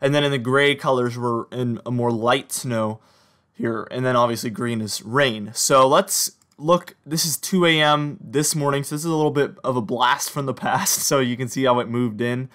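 A young man with a slight Southern American accent giving a chatty, upbeat weather forecast, walking viewers through radar maps. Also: moderate pace. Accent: slight Southern or Mid-Atlantic American. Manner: upbeat, chatty, talks straight to viewers with lively pitch jumps.

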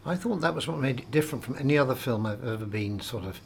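A man's voice: medium pitch, expressive, quick pace, gravelly, a little hiss or hum. A man interviewed as an actor, talking in a chatty, self-deprecating way and often stumbling over his first words. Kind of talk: casual interview chat.

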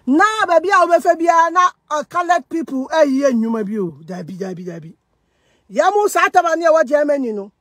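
Recorded dry, this Germany-based social media personality speaks in a high voice with a Ghanaian accent. Switching between Twi and English, she delivers a fiery monologue full of accusations and self-defense.

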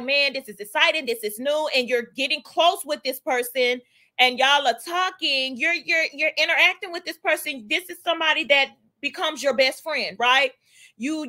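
Young woman livestream host, high bright voice, gossipy and animated. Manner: chatty, animated, greets chat viewers by name. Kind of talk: casual gossip chat.

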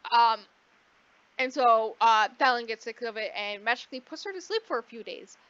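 A woman co-hosting a podcast, casually recapping a book in a rambling way, swearing freely and acting out the characters in quick asides. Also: fairly high pitch, animated, a bit bright, smooth, no room sound. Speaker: podcast co-host. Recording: dull lo-fi dry recording.

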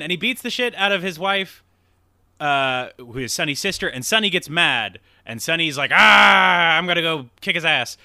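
Podcast host, male, lively and rambling, cusses freely, bright tone, dry close mic. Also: on the high side, no room sound. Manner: rambling, profane, laughs at himself, acts out quotes. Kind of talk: casual movie recap chat.

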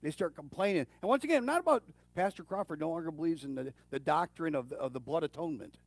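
A man's voice: fairly high pitch, expressive, quick pace, no room sound. A man preaching in a casual, folksy way, with fillers and restarts, speaking with his congregation rather than at them. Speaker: pastor. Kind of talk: conversational sermon.

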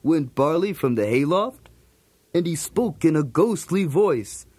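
High, bouncy, streetwise cartoon dog narrating a toy story tape; dry close sound. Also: male voice, expressive, unhurried, darkish tone, breathy edge, dry recording. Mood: breezy. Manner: jokey, streetwise, punning. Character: cool wisecracking male cartoon dog.

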